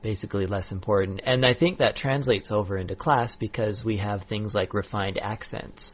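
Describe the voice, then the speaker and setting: A man with a fairly low voice, talking things through on a podcast in a measured way with lots of fillers. The audio is dull and lo-fi. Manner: measured, frequent "yeah" and "um". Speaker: podcast co-host. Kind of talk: casual chat.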